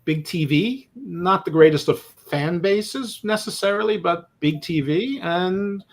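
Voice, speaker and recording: A man's voice: high voice, animated, unhurried. Rambling, joking male sports podcaster. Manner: rambling, jokey, stammers on restarts. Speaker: podcast co-host. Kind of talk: casual sports chat.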